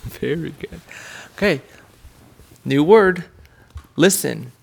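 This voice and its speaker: A woman in her thirties hosts a casual family podcast, gently quizzing and praising her young son like a teacher. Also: deep voice, lively intonation, takes it slowly, gravelly, breathy edge. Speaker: podcast host and homeschooling mother.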